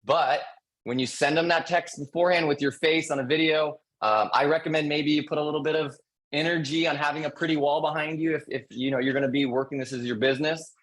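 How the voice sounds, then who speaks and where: A man who is a real estate agent, presenting call scripts on a panel webinar in an energetic coaching manner, repeating his key points. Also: fairly high pitch, rough recording.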